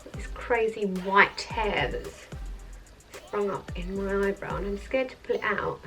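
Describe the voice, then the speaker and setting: A woman vlogger chatting in a rambling way through a makeup tutorial at her office, sometimes dropping to soft murmurs. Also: mid-range voice, a little slow. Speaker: beauty vlogger. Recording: mic at a distance, faint background music.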